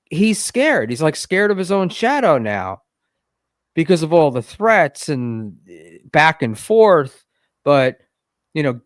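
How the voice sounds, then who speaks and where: A man's voice: on the high side, no echo, clean studio sound. A man co-hosting a casual podcast, talking hesitantly with many fillers. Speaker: co-host.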